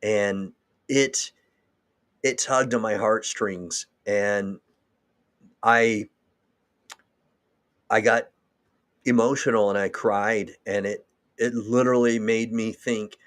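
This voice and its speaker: A man hosts a livestream in a slow, unhurried delivery. He rambles and runs long-winded, and his voice turns openly emotional as he goes. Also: on the low side, steady tone, fairly bright tone. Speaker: host. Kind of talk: livestream talk.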